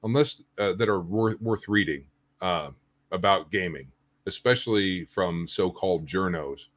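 A man calls into a livestream and chats casually. His voice sits on the low side, and he keeps the talk light and joking. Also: unhurried, a bit bright, highs cut off. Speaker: caller on a livestream. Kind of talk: casual chat.

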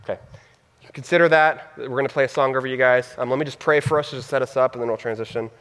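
A man's voice: medium pitch, steady tone, quick pace, a bit bright. A man in his thirties, a pastor telling a personal story in a sermon, casual and heartfelt with laughing asides. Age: 30s. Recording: long reverb of a hall.

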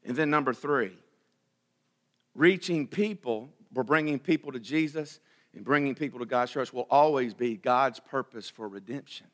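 A man preaching a sermon as pastor, emphatic, repeating phrases and swinging between loud outbursts and hushed passages. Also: mid-range voice, lively intonation, measured pace.

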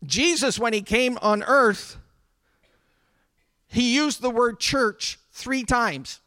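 A man's voice: very high-pitched, takes it slowly, pushed and bright, no room sound. A man preaching a sermon to his congregation in a conversational way, with asides to the people in the room. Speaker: pastor. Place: church sanctuary.

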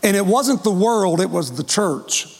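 A man preaching as pastor, telling a personal story emotionally with dramatic pauses. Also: high voice, animated. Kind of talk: testimony sermon. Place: church sanctuary. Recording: long hall reverb.

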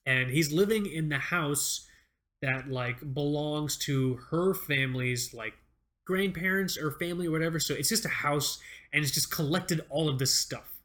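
A man's voice: a little high, normal speed, a bit bright. A young man co-hosting a podcast in casual chat, rambling, swearing and repeating words, often laughing. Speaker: podcast co-host.

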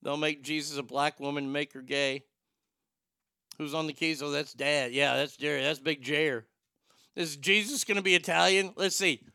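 A man's voice: fairly high pitch, steady tone, moderate pace, sharp tone, smooth, no echo, clean studio sound. A man hosting a talk show, riffing in casual, irreverent, joking banter.

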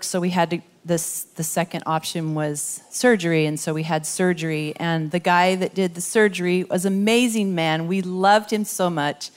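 A middle-aged woman giving an informal, heartfelt sermon in church, emotional and halting with fillers. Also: lowish voice. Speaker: church speaker.

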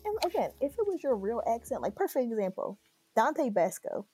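A woman joining a casual podcast roundtable, with a husky, mellow, fairly high voice that moves around a lot. She makes her points in a matter-of-fact way, recorded close and dry. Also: big pitch swings, a little fast, no room sound, faint music behind.

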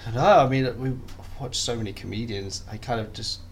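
A man's voice: mid-range voice, fairly quick, slight background noise. A young man chatting as a podcast guest, self-deprecating and full of restarts. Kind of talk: casual interview chat.

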